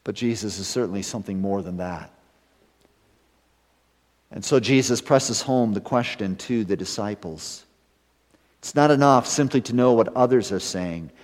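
A man's voice: mid-range voice, moderate pace. Earnest preacher man in a reverberant hall. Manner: earnest preaching with rising emphatic builds and hushed drops. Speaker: pastor. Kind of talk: sermon.

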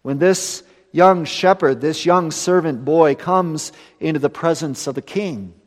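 A man preaching a sermon earnestly, building to emphatic lines and then dropping to a hushed close. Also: a little high, a little slow, long reverb tail.

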